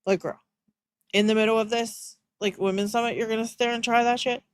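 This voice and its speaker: A woman's voice: fairly high pitch, fairly even intonation, quick pace, clean tone, dry recording. A woman doing casual reaction commentary on a livestream, mocking and blunt, laughing and swearing as she goes.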